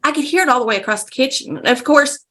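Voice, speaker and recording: Podcast guest: woman with a bright, fairly high voice, lively storyteller. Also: fast talker. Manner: vivid, animated storyteller. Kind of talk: casual storytelling.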